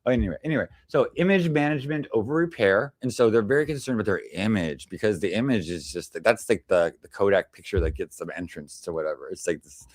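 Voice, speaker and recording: A man's voice: lowish voice, lively intonation, quick pace, hardly any pauses, no room sound, studio quality. A man hosting a livestream presentation, rambling and sarcastic, full of restarts and asides. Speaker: livestream panel host. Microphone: desk microphone on a stream.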